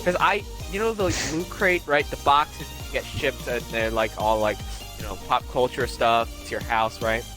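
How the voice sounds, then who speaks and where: A young man co-hosting a podcast, telling stories in a casual, animated way and acting out what people said. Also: medium pitch, moderate pace, hardly any pauses, over music. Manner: animated storytelling, acts out quotes. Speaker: podcast co-host. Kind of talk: casual chat.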